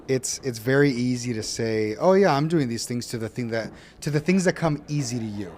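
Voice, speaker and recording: A man's voice: medium pitch, brisk, a little hiss or hum. A man, a new father in his thirties, talking earnestly about faith and retelling a conversation with a friend in a casual podcast chat. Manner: earnest, storytelling, animated when quoting others. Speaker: podcast co-host and show producer.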